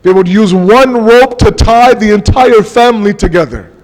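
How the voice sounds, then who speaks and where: A man's voice: sits high, animated. Impassioned man preaching in an echoing hall. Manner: impassioned, slows down for emphasis. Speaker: majlis speaker. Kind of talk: mourning sermon. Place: large mosque hall. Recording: long mosque hall reverb.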